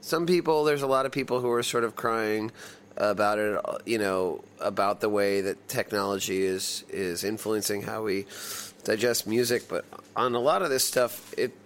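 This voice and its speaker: A man's voice: fairly low pitch, fairly even intonation, normal speed, a little hiss or hum. A middle-aged man, a touring musician from the United States, talking casually in an interview and rambling with restarts and fillers.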